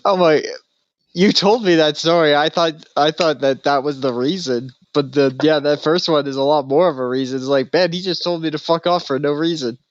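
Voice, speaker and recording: A man's voice: on the high side, moderate pace, dry recording. A man co-hosting a podcast, talking in a chatty, enthusiastic way during casual chat. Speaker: podcast co-host. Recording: dull lo-fi sound, dry.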